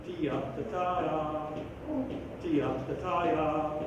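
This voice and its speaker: A man's voice: on the high side, slow pace, muffled recording, over music. A man leading a school band rehearsal, singing rhythms on syllables and counting the players in. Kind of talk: rehearsal instruction. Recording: echoey room, mic far off, background noise.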